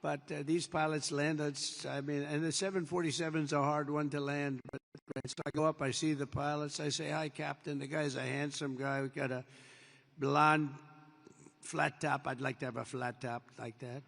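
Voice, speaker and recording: A man's voice: a little high, flat delivery, normal speed, creaky, fairly bright tone. An older man giving a rambling speech as president, digressing and repeating himself, acting out bits of dialogue in an anecdote. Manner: digressive, repetitive, with acted-out quotes. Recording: long reverb of a large hall.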